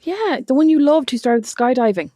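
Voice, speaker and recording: A woman's voice: high voice, lively intonation, fairly quick, warm tone, dry recording, studio quality. A woman in her thirties with an Irish accent, co-hosting a podcast in casual, teasing chat and often laughing. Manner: teasing, giggly, jokey. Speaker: podcast co-host.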